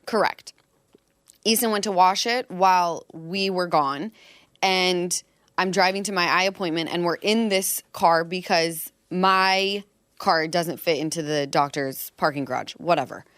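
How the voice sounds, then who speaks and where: A woman's voice: fairly low pitch, unhurried, a bit bright, clear, resonant tone, dry recording, clean studio sound. Chatty woman podcast host telling stories. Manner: chatty, laughs often, tells long anecdotes. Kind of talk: casual chat.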